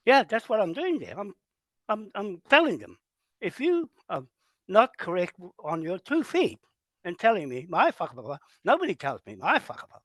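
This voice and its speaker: A man's voice: high-pitched, huge pitch swings, normal speed, fairly bright tone, no echo. A man hosting a meeting, telling his story with animation and indignation. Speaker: meeting host. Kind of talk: casual meeting talk. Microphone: phone or camera held close, turned to show the room.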